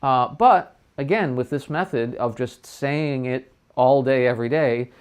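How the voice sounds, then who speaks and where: A man's voice: medium pitch, a little slow, clear, resonant tone. A middle-aged man teaching trumpet tonguing in a casual livestream lesson, chatting loosely and sounding out syllables.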